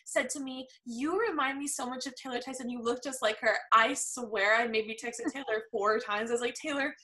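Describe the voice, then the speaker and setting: This is a teenage woman from Florida hosting a casual interview show. She gushes about her guest in a chatty run of fillers and restarts. Her voice is bright and sits a little high. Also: fairly even intonation, moderate pace, poor audio. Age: teens. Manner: gushing, chatty, lots of fillers. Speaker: podcast host.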